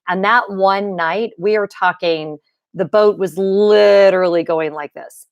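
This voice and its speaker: A woman's voice: on the low side, no room sound, studio quality. A woman hosting a casual livestream from her home computer, chatting loosely with viewers and greeting them by name as she talks. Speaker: livestream host.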